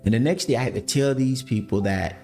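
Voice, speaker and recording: Man, podcast testimony, lively storyteller, faint music bed. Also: mid-range voice, fairly quick. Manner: animated, addresses listeners as family. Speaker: podcast host telling his story.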